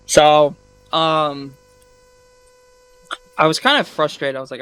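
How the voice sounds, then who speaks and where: A man's voice: a little high, lively intonation, normal speed, pauses often, low-quality recording. Profane rambling man recapping a game. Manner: rambling, profane, reenacts his own thoughts loudly. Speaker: gaming video host. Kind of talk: casual gameplay recap.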